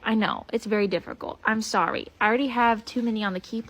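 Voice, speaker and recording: A woman's voice: on the high side, quick pace, few pauses, a bit bright. A woman filming her foals in a barn, gushing at them in casual baby talk. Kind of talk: casual vlog talking to foals. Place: horse barn and arena.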